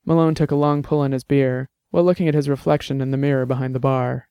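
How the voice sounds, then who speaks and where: A man reading a novel aloud in steady, scripted audiobook narration. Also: medium pitch, fast talker, few pauses, clear, resonant tone, no room sound, clean studio sound.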